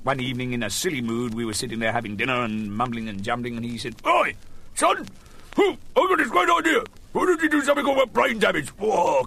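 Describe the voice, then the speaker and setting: A middle-aged man with a fairly high, sharp-toned voice hosts his own radio segment. He rambles playfully through a joking, casual monologue, chuckling at his own gags.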